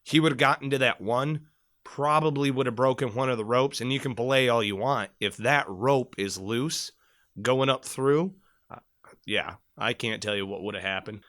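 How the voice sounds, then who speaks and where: A man co-hosting a casual podcast, spinning a long, profane story with lively energy. His voice is bright and forceful. The sound is close and dry, with no room around it. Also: mid-range voice, normal speed, no room sound. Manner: animated, profane, rambling storyteller. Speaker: podcast co-host, former Marine.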